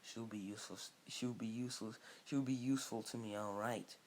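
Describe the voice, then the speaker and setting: A man voicing a calm, scheming snake-like villain who speaks slowly and quietly. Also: lowish voice, a little hiss or hum, natural voice.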